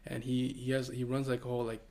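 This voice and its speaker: Gravelly young man, laid-back podcast chat. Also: medium pitch, level tone, fast, a little mellow. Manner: laid-back, profane, hesitant. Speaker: podcast co-host.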